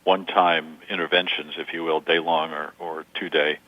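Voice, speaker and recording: Older male coach, low and measured, close dry lo-fi recording. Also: flat delivery, dry recording. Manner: measured, explains through stories and examples. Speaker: communication coach as guest. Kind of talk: interview answers. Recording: dull lo-fi sound.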